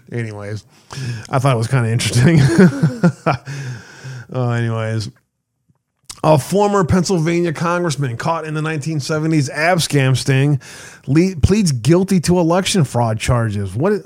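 A man's voice: a little high, darkish tone. A man hosting an online talk show, reading out news stories with sarcastic asides, laughing and swearing casually. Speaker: show host.

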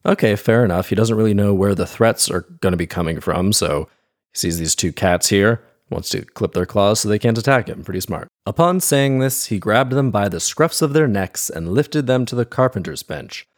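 A man with a fairly low voice reads a fairy tale aloud and keeps interrupting himself with wry, sarcastic remarks. The sound is dry and close to the mic, with no room around it. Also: animated, normal speed, no echo. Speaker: storyteller and commentator. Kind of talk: fairy-tale reading with comic commentary.

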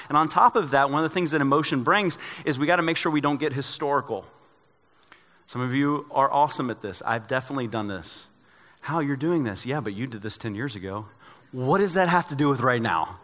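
The long echo of a big church carries a male pastor's bright, forceful, mid-range voice. He preaches in a conversational way, telling jokey stories from his life.

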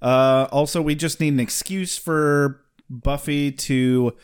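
A man's voice: fairly high pitch, fairly even intonation, takes it slowly, smooth. A man co-hosting a casual podcast, recapping a TV episode, laughing often and putting on silly voices. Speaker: podcast co-host.

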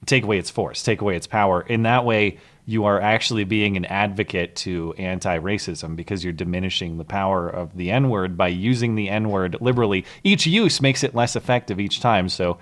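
A man hosting a live call-in show with a lowish voice. He chats loosely with callers and slips in sarcastic jokes. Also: normal speed, hardly any pauses. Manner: joking, sarcastic asides. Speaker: show host.

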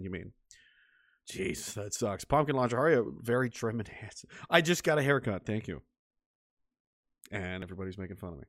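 A man hosting a casual livestream and reading out viewer chat, sarcastic and profane, laughing often and swinging between low mutters and loud outbursts. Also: no echo, studio quality.

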